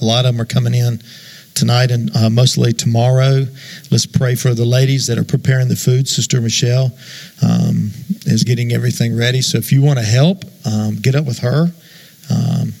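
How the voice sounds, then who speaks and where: A man's voice: medium pitch, creaky, darkish tone. A man preaching a church sermon in a folksy, loose way, with fillers and amens. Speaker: guest preacher. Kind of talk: sermon with a told joke. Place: church sanctuary.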